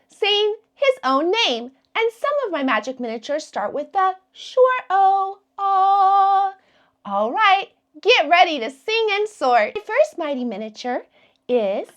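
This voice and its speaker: A woman who teaches kindergarten, giving a slow, encouraging phonics lesson to young children and drawing out each letter sound. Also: sits high, a bit bright.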